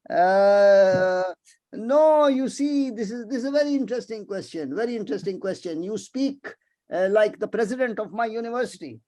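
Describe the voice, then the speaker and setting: A man's voice: high voice, lively intonation, a little fast, a little mellow. An older man from Pakistan, giving an emotional, rhetorical webinar talk as an economics professor over a video call. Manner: emotional, rhetorical, repeats himself. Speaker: economics professor, guest speaker.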